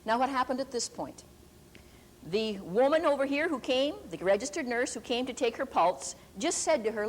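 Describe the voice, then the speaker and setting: Older woman preaching with lively pitch. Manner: deliberate, emphatic storyteller who stretches key words slowly. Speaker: preacher and Bible teacher. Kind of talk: sermon with testimony storytelling.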